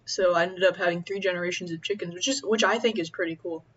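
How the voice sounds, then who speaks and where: A young woman chatting casually as she eats, rambling and halting with many fillers. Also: on the low side, steady tone, a bit bright, husky, muffled recording. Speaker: vlogger. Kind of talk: casual chat while eating.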